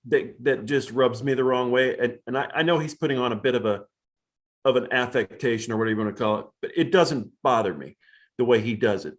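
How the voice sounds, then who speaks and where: A man's voice: medium pitch, brisk. A man chatting casually on a livestream, hesitant and often repeating his words. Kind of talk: casual chat.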